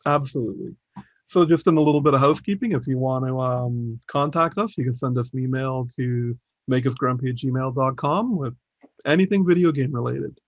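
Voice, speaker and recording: A man's voice: medium pitch, fairly quick, no room sound. Rambling, chuckling male podcast co-host. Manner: rambling, chuckling, many fillers. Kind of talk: casual gaming podcast chat. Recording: dull, dry podcast audio.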